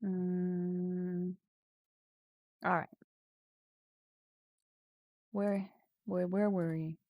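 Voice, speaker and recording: Her low, flat voice comes through narrow and tinny, with no room sound, as she speaks very slowly. Streaming an AI text adventure from home, she types and chats casually, reads the story aloud and laughs at herself often, speaking English as a non-native.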